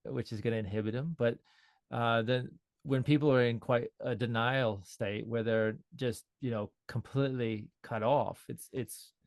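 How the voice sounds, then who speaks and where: A man, a sound healer, talking in a relaxed, rambling way with frequent restarts during an interview. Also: mid-range voice, a little slow, gravelly, no room sound. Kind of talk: casual interview talk.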